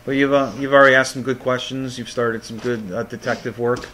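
A man's voice: mid-range voice, fairly even intonation, fairly quick, sharp tone, a little hiss or hum. A man narrating as game master of a tabletop game, often repeating words as he goes.

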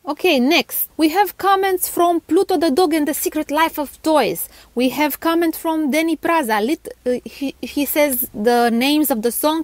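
Giggly high-voiced woman with Romanian accent. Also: no room sound. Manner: chatty, giggly, stumbling over names. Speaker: toy channel host. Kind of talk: casual chat reading viewer comments.

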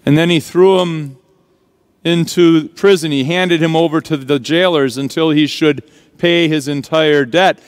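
A man preaching a sermon as pastor, earnest and dramatic, leaning slowly on key words, recorded in a church sanctuary. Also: on the high side, fairly even intonation, clear, resonant tone. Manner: earnest, dramatic preaching with slow emphatic stresses. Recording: long church reverb.

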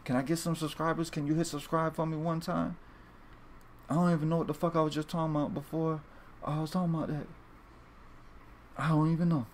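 A fantasy sports video host talks casually to his viewers in a brisk, slightly high voice with little pitch movement and long pauses, over a faint hiss or hum. He rambles, swears, and repeats and restarts a lot.

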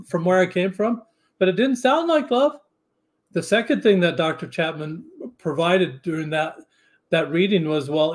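A man guesting on a podcast, talking earnestly and haltingly with frequent restarts. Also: sits high. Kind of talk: casual interview chat.

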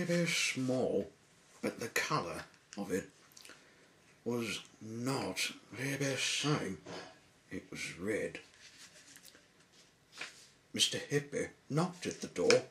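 A man reads a children's storybook aloud with a low voice, taking his time. He stretches his words out playfully, and his pitch rises and falls a great deal. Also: fairly bright tone, slight background noise. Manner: slow, drawn-out, playful emphasis.

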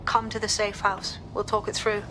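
An actress playing a resolute resistance operative in a video game, speaking in a determined, businesslike way. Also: female voice, mid-range voice, completely flat delivery, normal speed, background noise, close to an everyday voice.

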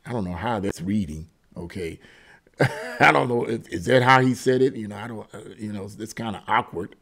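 A man's voice: on the low side, normal speed, vocal fry, fairly bright tone. A man hosting a political commentary channel, talking casually and emphatically about a news article and often repeating himself.

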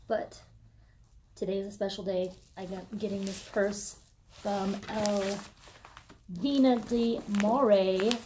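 A woman filming a casual unboxing vlog, gushing with excitement and swearing casually as she shows off what she got. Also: mid-range voice, a little hiss or hum. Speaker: vlogger.

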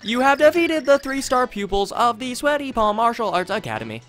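A man's voice: very high voice, very animated, a little fast, a bit bright, soft background music, voice pushed up, heavily acted. Man doing solemn martial-arts brothers. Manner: formal, old-fashioned speech.

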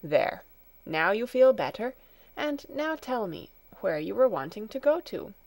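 Figure: gentle male doctor voiced by a woman. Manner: soothing. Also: lowish voice, animated, a little slow, no echo. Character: kind, calm middle-aged male doctor.

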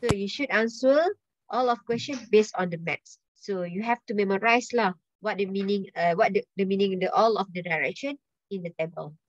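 A woman's voice: mid-range voice, a little fast, no echo. A woman teacher with a Malaysian accent quizzing her students, slipping Malay words and "lah" into her English. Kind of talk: online language lesson. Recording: dull lo-fi dry voice.

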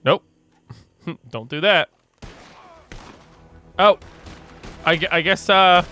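A man hosting a let's play, commenting on the game in an excitable, joking way. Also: high-pitched, extremely slow, pauses often. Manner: excitable, joking, often laughing. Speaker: gaming channel host.

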